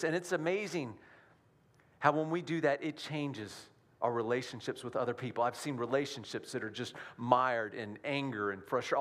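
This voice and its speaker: A man preaching a sermon in a relaxed, conversational way. He keeps checking in with his listeners through rhetorical questions, and his voice sits at an ordinary middle pitch. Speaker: pastor.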